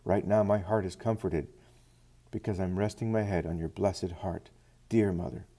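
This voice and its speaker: A man reading the tender, reassuring words of a devoted son, slow and gentle. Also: deep voice, steady tone.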